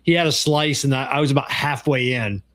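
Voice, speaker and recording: A middle-aged man in loose podcast conversation, his voice at an ordinary middle pitch. He tells stories with animation, acting out the lines of others, and swears freely. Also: fairly quick. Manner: animated storyteller, acts out quoted dialogue, swears freely. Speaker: podcast co-host. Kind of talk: casual chat.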